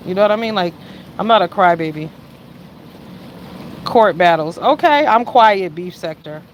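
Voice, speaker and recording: A woman's voice: animated, normal speed, a little hiss or hum. Chatty woman livestreaming to her viewers. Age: around 50. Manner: chatty, swings from loud exclamations to low mutters. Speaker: livestream host. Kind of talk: casual livestream chat with viewers.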